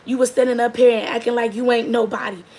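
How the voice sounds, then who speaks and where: A woman's voice: fairly high pitch, level tone, fast talker, a little mellow, a little hiss or hum, natural voice. A woman voicing a brassy older woman who scolds and teases in a sassy, emphatic way. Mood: insistent.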